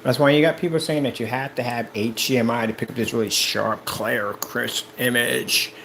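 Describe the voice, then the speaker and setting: A man presenting and selling his product in an excited vlog, talking straight to his viewers in a preachy, animated way, indoors beside a projector. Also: mid-range voice, normal speed, vocal fry, slight background noise, rough recording. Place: indoor room with projector and screen.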